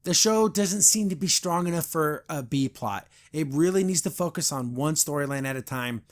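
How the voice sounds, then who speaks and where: A man's voice: fairly high pitch, lively intonation, normal speed. A man hosting a podcast, giving a casual, blunt and critical review of a cartoon episode. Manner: retells scenes, briefly imitating characters.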